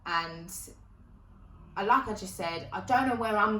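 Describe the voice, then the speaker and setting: A woman's voice: mid-range voice, normal speed, fairly bright tone, recorded from a distance, slight background noise. A woman doing a candid, chatty comedy monologue from home, swearing freely. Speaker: comedian and theatre performer. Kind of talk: confessional stand-up monologue. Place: at home on a sofa. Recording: echoey room, a bit away from the mic.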